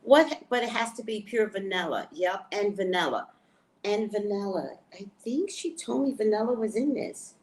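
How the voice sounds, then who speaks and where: A woman chatting casually to her viewers, excitedly showing off things she bought and talking about them. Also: medium pitch, moderate pace. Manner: chatty, excitable, shows items to camera. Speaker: spiritual reader and vlogger. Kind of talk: casual live chat to viewers.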